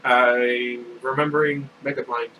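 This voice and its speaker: A man's voice: medium pitch, little pitch movement, a little slow, narrow, tinny audio, natural voice. A man doing a babbling baby girl. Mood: goofy. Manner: goofy, blurted nonsense words. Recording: distant mic with air conditioner hum.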